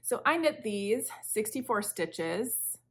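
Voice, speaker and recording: In a slow, mid-range voice with lively intonation, a woman hosts her crafting podcast from home while still recovering from being sick. She rambles through casual chat, chatty and prone to interrupting herself, and a video-podcast camera serves as the microphone.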